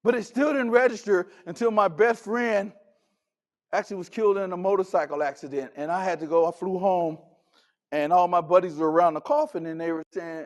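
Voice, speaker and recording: A Texan keynote speaker gives a motivational talk, telling stories dramatically and emphatically while acting out the dialogue. His voice is high-pitched and a little fast, with fairly even intonation.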